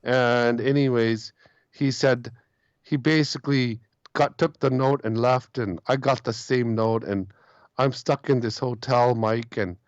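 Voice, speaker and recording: A man's voice: mid-range voice, steady tone, a little slow, no room sound, muffled recording. A man calling in to a talk show, telling a long story and repeating his words as he goes. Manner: rambling, repeats himself, quotes others. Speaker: caller.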